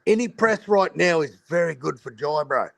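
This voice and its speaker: A man's voice: a little high, animated, normal speed, gravelly, fairly bright tone, no echo. An Australian man hosting a casual boxing livestream over a video call, blunt and swearing freely in Aussie slang. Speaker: boxing talk show host.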